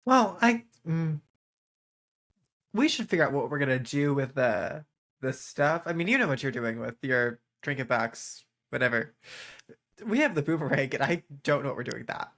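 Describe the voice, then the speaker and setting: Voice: medium pitch, expressive, normal speed, a bit bright. A player in a tabletop game who thinks aloud hesitantly. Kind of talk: casual tabletop play.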